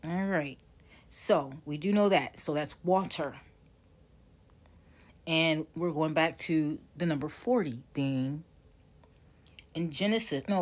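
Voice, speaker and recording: A woman in her forties teaching tarot casually, rambling and correcting herself as she goes. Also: sits low. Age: 40s. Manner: rambling, self-correcting, chatty.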